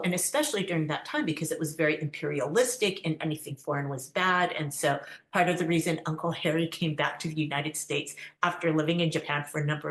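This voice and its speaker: Low-voiced woman telling family stories. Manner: animated, acts out quotes. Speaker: guest. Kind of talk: conversational storytelling. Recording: roomy echo.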